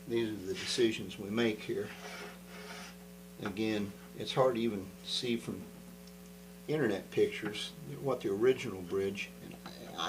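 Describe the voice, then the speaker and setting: A man's voice: lowish voice, background noise. A man talking casually to the camera while repairing an old guitar, rambling and thinking aloud as he works.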